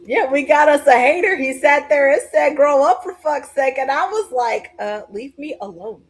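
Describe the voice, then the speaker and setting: A woman co-hosting a podcast watch party, loud, excitable and profane, yelling at the screen. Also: high-pitched, normal speed. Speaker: podcast co-host. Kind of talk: casual watch-party chat.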